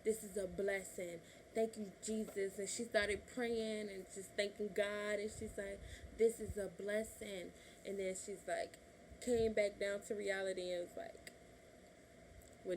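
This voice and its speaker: This Illinois vlogger, twenty-one, recounts something personal to the camera in a casual, chatty style, frequently laughing and imitating what her relatives said. Her mid-range voice is unhurried, a little mellow and fairly even in intonation, over a slight hiss or hum.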